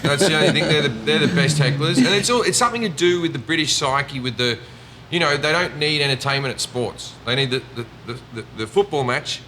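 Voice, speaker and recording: A man's voice: on the high side, fairly quick, hardly any pauses, sharp tone, slight background noise. A man with an Australian accent, a comedian chatting casually and telling stories, swearing and mimicking people. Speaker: comedian guest. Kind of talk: casual chat.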